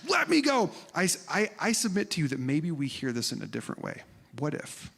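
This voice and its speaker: Pastor, male, chatty and animated in the pulpit, slightly high voice, reverberant church room. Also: a little fast, gravelly, husky. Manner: animated, conversational, acts out quoted voices and drops to whispers. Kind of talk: sermon.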